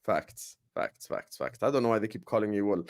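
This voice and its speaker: A man hosting a football livestream, talking in a hype, energetic way with lots of ums and uhs. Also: fairly low pitch, a little fast. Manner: energetic, hype-style announcing with frequent fillers. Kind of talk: casual livestream chat.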